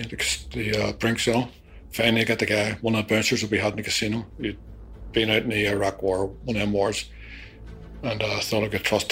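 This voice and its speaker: A man's voice: mid-range voice, a bit bright, husky. A man recounting his past in a rambling, profane confessional storytelling style. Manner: rambling, profane, peppered with "you know". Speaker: interviewee.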